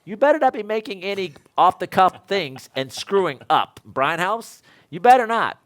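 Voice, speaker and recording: A man's voice: high-pitched, very animated, moderate pace, a bit bright. A man teaching other instructors, telling a story in a panel discussion and acting out both sides of it. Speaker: electrical code instructor.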